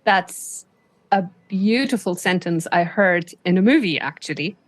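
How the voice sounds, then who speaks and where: A woman's voice: fairly low pitch, lively intonation, measured pace, no echo. A woman co-hosting a podcast as a branding coach, chatty and enthusiastic. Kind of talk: casual podcast chat.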